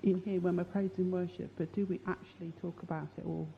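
A woman's voice: on the low side, little pitch movement, fast, gravelly. Woman from England, candid musing group member, tinny phone-line audio with light hiss. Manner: candid, musing, asks rhetorical questions. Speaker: Bible study participant. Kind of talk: group discussion.

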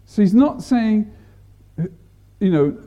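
A man preaching a sermon, deliberate, repeating and stressing words to make his point. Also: high voice, big pitch swings, warm tone, muffled recording.

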